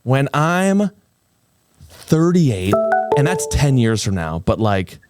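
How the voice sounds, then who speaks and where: A man in his twenties hosting a podcast, chatting in an animated, playful way. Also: mid-range voice, slow, loud music behind the voice. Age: 20s. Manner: animated, playful, slips into comic voices. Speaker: podcast host. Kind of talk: casual chat.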